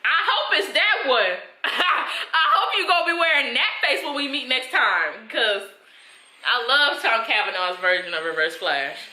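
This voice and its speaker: A young woman reviewing TV episodes in a casual, animated, slangy reaction style. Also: a little high, unhurried. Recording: roomy echo.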